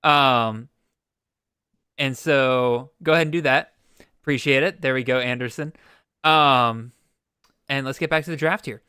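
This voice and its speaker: A man's voice: mid-range voice, unhurried, pauses often, bright, forceful tone, clear, resonant tone, dry recording, studio quality. A man hosting a live-streamed fantasy draft, thinking aloud with restarts and playful mock exasperation. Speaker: podcast host.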